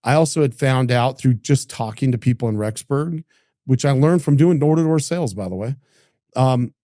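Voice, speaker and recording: A middle-aged man from Idaho, a business founder telling a story in casual conversation, acting out what people said, with lots of quick restarts. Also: mid-range voice, no echo, studio quality. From Idaho, United States. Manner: animated, acts out quoted dialogue, frequent restarts. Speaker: entrepreneur guest.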